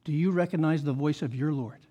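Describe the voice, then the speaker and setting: High-voiced man preaching a sermon. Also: animated, normal speed, darkish tone. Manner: emphatic, rhetorical questions, conversational asides. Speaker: pastor.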